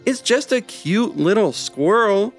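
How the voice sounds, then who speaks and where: A man's voice: high voice, expressive, a little slow, soft background music, pitched above the performer's own voice. A man voicing a playful, adventurous young girl in a children's storybook reading.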